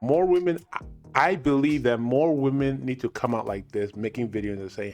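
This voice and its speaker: A man's voice: medium pitch, normal speed, a little mellow, faint music behind. A man hosting a commentary channel, reacting to clips and giving earnest, reflective advice.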